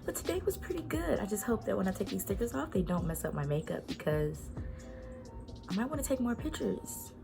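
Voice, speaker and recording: A woman's voice: mid-range voice, big pitch swings, a little fast, vocal fry. A young woman vlogging from her bedroom at home, chatting to camera in a laid-back, slangy way. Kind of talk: casual chat to camera. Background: music playing.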